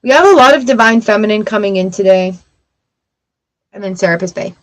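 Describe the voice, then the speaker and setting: A woman's voice: medium pitch, brisk, poor audio. A woman reading tarot cards for a live audience, chatty and upbeat, greeting viewers by name between cards. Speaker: tarot reader.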